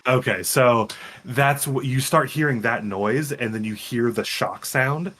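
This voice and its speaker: A young man co-hosting a podcast, retelling a story in a rambling, animated way with frequent restarts. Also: medium pitch, measured pace. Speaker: podcast co-host. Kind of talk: casual chat, retelling a game.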